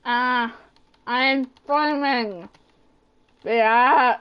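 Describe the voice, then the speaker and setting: A woman's voice: high voice, very slow, clean tone, lo-fi sound. A young woman streaming a game, chatting to viewers in a hyper, playful way with mock wailing. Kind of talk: hyper casual live-stream chat.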